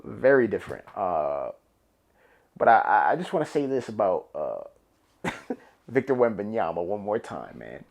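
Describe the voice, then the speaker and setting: A man's voice: on the low side, big pitch swings, a little slow, vocal fry, pauses often. A young man with a New York accent, hosting a solo podcast in a loose, rambling, profane, emphatic way. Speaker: podcast host. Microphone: camera and podcast mic.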